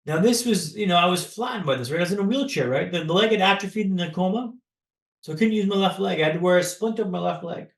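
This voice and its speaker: A man from Canada, a podcast guest, telling a personal story in a dramatic, paced way with pauses. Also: high voice, reverberant.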